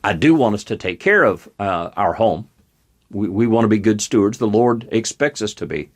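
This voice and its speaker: A man's voice: lowish voice, lively intonation, normal speed. A man hosting a talk show, giving plain-spoken, opinionated commentary in a folksy manner. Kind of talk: casual political commentary. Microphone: webcam on desk.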